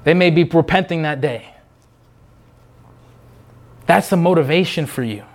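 A male preacher with a high, light voice, delivering an unscripted sermon. He talks with fervent insistence, circling back to his points again and again. Now and then he slips into short imitations of other people before returning to his own urging. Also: measured pace.

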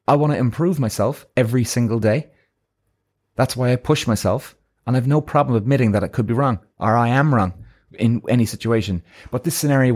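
A man's voice: medium pitch, darkish tone. A man hosting a motivational talk, blunt and profane, who keeps asking "right?" and acts out the voices of the people he quotes. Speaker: podcast host.

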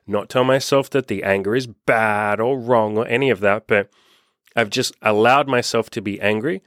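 A man's voice: on the low side, normal speed, fairly bright tone, no room sound, clean studio sound. A young man coaching on dating, talking candidly and casually, acting out quoted texts and swearing freely. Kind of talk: casual monologue to camera.

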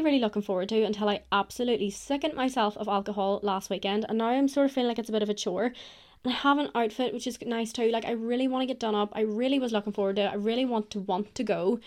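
A woman's voice: medium pitch, darkish tone. Chatty woman podcaster. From Ireland. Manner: chatty, candid and self-mocking, with some swearing. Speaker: podcast host. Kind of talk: casual solo chat.

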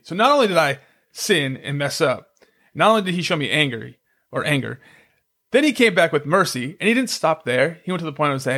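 A man's voice: on the high side, animated, normal speed, a bit bright. A middle-aged man co-hosting a Christian parenting podcast, talking earnestly and rambling a bit, with self-deprecating jokes. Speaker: podcast co-host.

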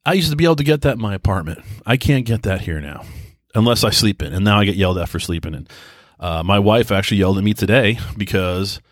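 A man's voice: on the low side, animated, quick pace, no echo, studio quality. A man in his thirties hosting a solo casual podcast from home, rambling and self-deprecating with many restarts. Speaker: podcast host. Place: quiet home.

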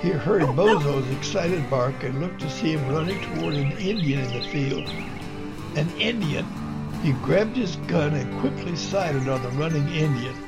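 An earnest male storyteller reading a homespun tale, stumbling now and then. His voice is somewhat high with a gravelly texture. Music plays clearly under the narration. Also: lively intonation, moderate pace.

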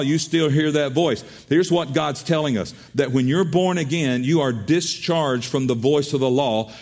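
A man's voice: fairly high pitch, a little mellow. A man preaching a sermon as pastor, earnest, often repeating and restarting his words.

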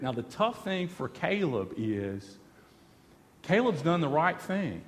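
A man's voice: on the high side, big pitch swings, takes it slowly, long reverb tail. A man preaching a sermon, repeating phrases for emphasis and speaking quoted lines of God and the people. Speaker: pastor.

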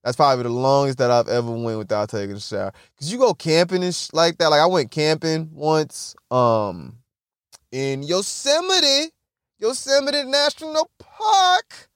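A man's voice: mid-range voice, lively intonation, brisk, few pauses, smooth, no room sound, clean studio sound. A young man casually telling funny stories on a podcast, rambling, swearing and laughing at his own jokes, and often acting out other people's voices. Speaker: podcast host. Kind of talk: casual comedic monologue.

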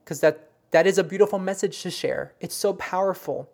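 A psychic medium recounts a reading earnestly and personally, her soft, emotional voice halting often as she stumbles and restarts sentences, as though working through the memory out loud. The voice is medium-pitched and creaky.

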